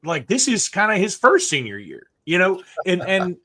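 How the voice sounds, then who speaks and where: A man co-hosting a college football podcast, talking in a rambling, animated way with many restarts. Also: high-pitched, moderate pace. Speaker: sports podcast co-host. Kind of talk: casual sports chat.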